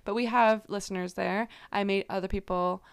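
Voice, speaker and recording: A young woman co-hosting a podcast, telling a rambling story full of fillers and quick apologies. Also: medium pitch, fairly even intonation, vocal fry, clean tone. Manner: rambling storyteller, filler-heavy, self-deprecating. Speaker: podcast co-host. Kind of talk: casual chat.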